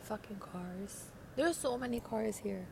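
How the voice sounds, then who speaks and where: A woman's voice: medium pitch, unhurried, creaky. Congested young woman host, loose slangy podcast ramble, faint hiss behind. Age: teens. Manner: rambling, slangy, swearing, giggly. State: congested from a cold. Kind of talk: casual late-night monologue. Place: by a window at night.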